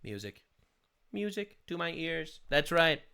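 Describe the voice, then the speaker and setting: An American man streams his reaction to a political video, loud and sarcastic with emphatic interjections. His slightly high voice swings widely in pitch, unhurried, with vocal fry and a clean tone.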